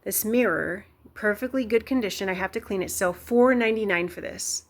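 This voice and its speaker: A woman's voice: mid-range voice, fairly quick, low-quality recording. A woman in her thirties, a stay-at-home mom, talking earnestly to her viewers about faith. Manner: earnest, heartfelt, encouraging. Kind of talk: casual faith talk to camera. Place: car while driving, then at home. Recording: road and car noise behind.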